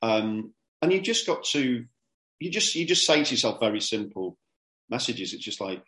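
A man's voice: fairly low pitch, very animated, brisk, fairly bright tone, reverberant. A middle-aged man, a comedian being interviewed, talking casually and animatedly, often repeating words as he starts his sentences. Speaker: comedian guest.

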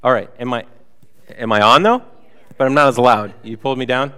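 A man's voice: mid-range voice, a little fast, bright, forceful tone, smooth. A man preaching a sermon in a casual, conversational way, acting out voices in asides and asking the congregation questions. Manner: conversational, acts out paraphrased voices of the prophet with rhetorical asides. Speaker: pastor.

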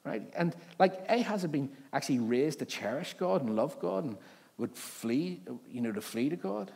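Animated pastor preaching. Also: male voice, a little high, moderate pace, vocal fry. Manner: animated storytelling, acts out voices of God and a king. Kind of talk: sermon. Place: church hall.

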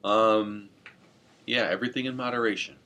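A man's voice: fairly low pitch, steady tone, normal speed, pushed and bright. A man co-hosting a podcast in casual chat, rambling and joking, correcting himself as he goes. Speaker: podcast co-host.

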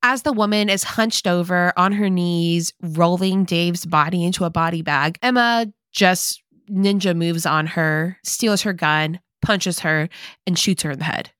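A woman's voice: on the low side, a little slow, clear, resonant tone, no room sound, studio quality. A woman co-hosting a podcast, chatting casually through a movie recap and acting out the characters' lines. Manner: animated, acts out characters' lines. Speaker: podcast co-host.

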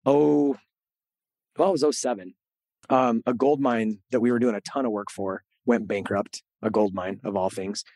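A middle-aged man, a podcast host, telling a candid story in an interview, animated and earnest and often repeating words as he goes. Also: mid-range voice, moderate pace, no room sound.

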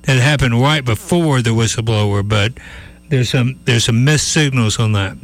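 A man's voice: mid-range voice, normal speed. A man hosting a call-in radio show, chatty and folksy, with many restarts. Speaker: radio talk show host.

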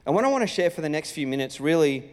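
A man, a senior pastor telling a personal story in a sermon with lively, animated delivery. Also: a little high, fast talker, clear, resonant tone. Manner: animated storytelling, acting out his own lines. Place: church auditorium. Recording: reverberant church hall.

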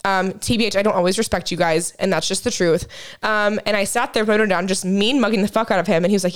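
A young woman co-hosting a casual podcast, telling animated stories and swearing freely. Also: medium pitch, fast talker, clean tone. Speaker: podcast co-host. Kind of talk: casual chat.

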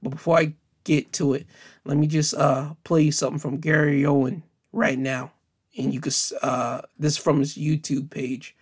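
A man hosting a solo podcast, speaking in an unhurried way with restarts and emphatic repeats. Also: a little high, little pitch movement, slightly rough. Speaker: host.

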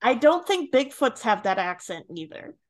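A woman's voice: on the high side, sing-song, moderate pace. A woman in a podcast group chat, playful and giggly.

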